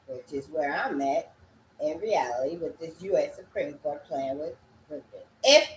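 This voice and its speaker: A woman talking in a rambling solo monologue, breaking into sing-song chants and sudden loud cursing outbursts. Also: low voice, lively intonation, normal speed, echoey room.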